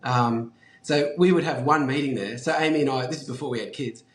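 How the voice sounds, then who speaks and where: A man's voice: medium pitch, fairly quick. A man telling stories casually as an interview guest, chatty and laughing often, with casual swearing. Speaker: interview guest, business founder. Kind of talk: casual storytelling. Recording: echoey room.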